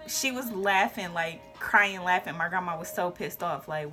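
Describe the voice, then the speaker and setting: Young woman, casual storytime, animated delivery, music behind. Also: fairly low pitch, moderate pace. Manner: animated storytelling with whispered asides and shouted quotes. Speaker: vlogger.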